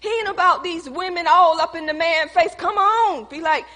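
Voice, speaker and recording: Bright-voiced woman preaching in a hall. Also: very high voice, moderate pace. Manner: conversational, calls to the congregation. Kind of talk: sermon with personal testimony.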